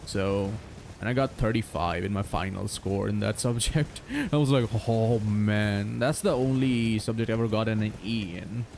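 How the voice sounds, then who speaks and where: A man's voice: lowish voice, normal speed, gravelly, darkish tone, slight background noise. A young man in his twenties streaming a game, chatting casually with viewers, swearing freely and laughing often. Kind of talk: casual chat with stream viewers while gaming.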